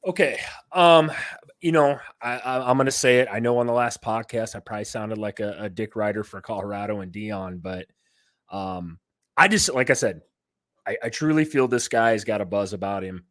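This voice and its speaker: A man co-hosting a casual sports podcast, excitable and jokey, with lots of fillers. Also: fairly low pitch, moderate pace, no echo, clean studio sound. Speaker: podcast co-host.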